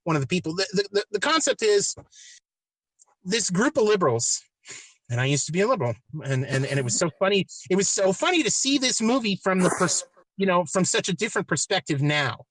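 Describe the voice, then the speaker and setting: A man's voice: sits high, sing-song, brisk, a bit bright, no room sound. A man hosting a podcast, retelling a movie plot in a casual, rambling, profane way with many restarts. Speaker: podcast host.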